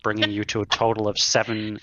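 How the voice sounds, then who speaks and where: A man narrating a tabletop horror campaign as game master, slow and dramatic with pauses. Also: fairly low pitch, completely flat delivery, bright, forceful tone, highs cut off.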